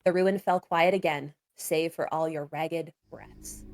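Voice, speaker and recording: A woman running a tabletop game as game master, with measured storytelling narration. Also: low-pitched, fairly even intonation, a little mellow.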